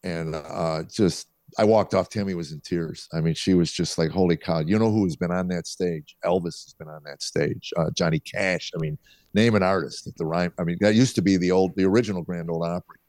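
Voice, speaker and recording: A man's voice: low voice, a little fast, no room sound. A middle-aged man from a small town south of Chicago, a comedian telling anecdotes as a podcast guest. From small town south of Chicago, USA. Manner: lively storyteller, acts out voices in his anecdotes. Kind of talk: storytelling anecdotes in a podcast interview.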